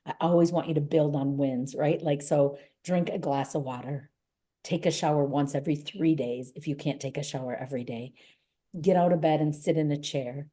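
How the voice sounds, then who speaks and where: A woman's voice: deep voice, steady tone, normal speed, mellow. A middle-aged woman, a guest author, speaking earnestly and encouragingly in an interview. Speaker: guest, author and gym owner. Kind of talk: motivational interview talk.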